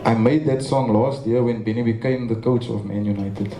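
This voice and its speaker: A man's voice: medium pitch, steady tone, moderate pace, noisy background. A young South African man with a Cape Town accent gives a memorial tribute speech. He tells his stories earnestly and stumbles over his words now and then. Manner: earnest storytelling with stammers. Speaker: memorial speaker. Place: large memorial venue. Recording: echoey hall with faint ambience.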